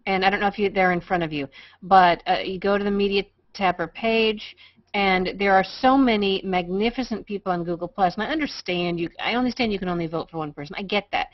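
A woman's voice: medium pitch, brisk, no room sound. A woman co-hosting a casual group video chat, playful and teasing, repeating her lines for laughs. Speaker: co-host. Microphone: video call. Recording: dull lo-fi web call audio.

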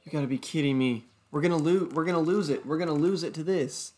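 A man's voice: fairly high pitch, fast, a little mellow. A young man commentating his own gameplay, exasperated, swearing and groaning at his bad luck. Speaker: gaming YouTuber.

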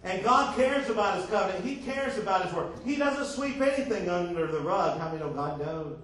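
A man's voice: sits high, expressive, a little fast, fairly bright tone. A man preaching a sermon as pastor, drawing call-and-response with repeated questions to the congregation. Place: church sanctuary. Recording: echoey church room from far off.

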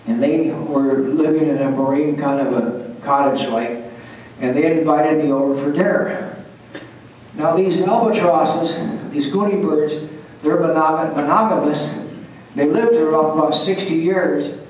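An older man, a retired Air Force pilot, tells folksy, salty stories to a historical society meeting, restarting lines and chuckling. His voice is fairly high, steady and a little mellow, his pace measured. The distant recording from the large hall is very echoey and dull, with slight background noise.

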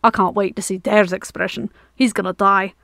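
A smirking male knight, sly and amused, tossing off brash, casual jokes in a storybook reading, as a woman narrator puts him on. He speaks at a middle pitch, and the sound is dry and close. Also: steady tone, moderate pace, gravelly, fairly bright tone, no echo. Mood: teasing.

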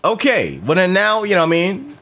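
A man chatting casually in a movie review, animated and profane, often repeating words and acting out lines from the film. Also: sits high, fast talker, gravelly.

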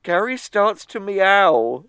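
A man's voice: high-pitched, sing-song, takes it slowly, a bit bright, clear, resonant tone, dry recording. A man co-hosting a comedy podcast, recapping a cartoon episode in a rambling, laughing way and quoting the characters. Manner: rambling, laughing, quotes characters in put-on voices.

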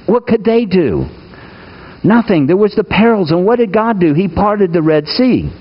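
Preacher with a higher voice, dull recording. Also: male voice, lively intonation, moderate pace. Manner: asks the congregation questions, swings between raised and hushed delivery. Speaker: pastor. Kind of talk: sermon.

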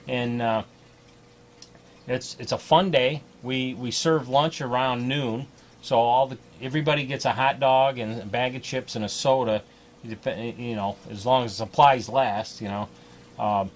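A man's voice: medium pitch, a little hiss or hum. An American man hosting a kids' fly fishing show, talking casually to camera in a chatty, folksy way with plenty of ums and restarts. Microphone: TV studio microphone.

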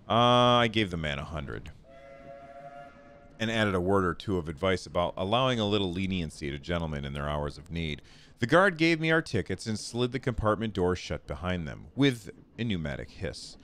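A man's voice: low voice, sing-song, moderate pace, a bit bright. A man hosting a gaming video, reading a text game aloud and chatting, stumbling over words and joking about himself. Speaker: gaming channel host.

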